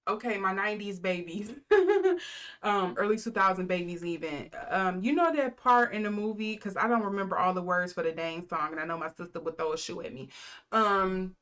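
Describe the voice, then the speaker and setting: A woman in her thirties talks through a casual tarot reading in a relaxed, meandering way. She leans on fillers and restarts. She rattles off strings of card keywords at an everyday, middle pitch. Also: a little fast. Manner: rambling, lots of fillers, reels off card keywords. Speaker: tarot reader.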